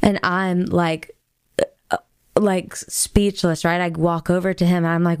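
A woman with a smooth, lowish voice, recorded dry and close. She tells a personal story in an animated, chatty way, full of fillers. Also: measured pace, dry recording. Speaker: guest, author. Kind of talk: casual faith conversation.

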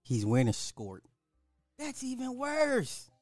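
A man's voice: wildly swooping pitch, slow, a little mellow, dry recording, faint music behind. A man hosting a commentary podcast, reacting to a clip with incredulous mockery. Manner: incredulous, swinging wildly in pitch, mocking. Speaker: podcast host.

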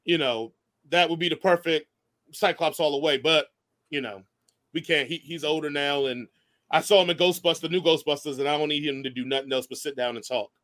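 A man co-hosting a podcast in casual chat, animated and laughing often. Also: a little high, a little fast. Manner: animated, laughs often, breaks into silly voices. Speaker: podcast co-host.

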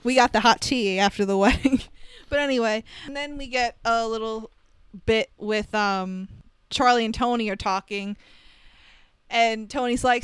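A woman's voice: fairly high pitch, fairly even intonation, a little slow, clear, resonant tone, no room sound. A woman co-hosting a podcast, casually recapping a film with wry asides and frequent laughter. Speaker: podcast co-host.

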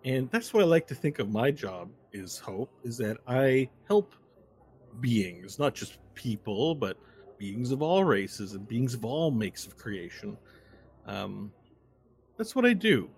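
A man's voice: mid-range voice, very animated, slow, a little mellow. Brief: man voicing a sly devilish immortal, chatty, a little drunk, tabletop game. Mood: boastful. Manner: chatty, rambling, tipsy. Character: boastful immortal male devilish barfly.

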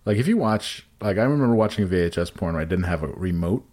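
A man with a low voice tells a crude, rambling story in casual podcast chat. His pitch rises and falls widely as he acts out the beats, and he stumbles through fillers and restarts as he goes. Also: expressive, fast talker, darkish tone.

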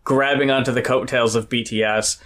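A podcast co-host with a mid-pitched voice chats casually with a friend. The delivery is blunt and opinionated, with frequent swearing. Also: fairly even intonation, a little fast, a bit bright. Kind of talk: casual chat.

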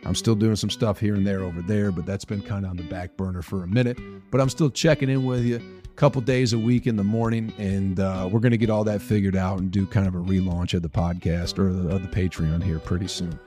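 A man's voice: deep voice, brisk, faint music behind. A man from hosting a solo comedy podcast, ranting in a rambling, profane way. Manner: profane, rambling, animated rants.

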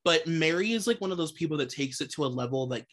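A woman's voice: deep voice, expressive, quick pace. Woman, casual chat, emphatic, laughs a lot. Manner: chatty, laughs often, emphatic.

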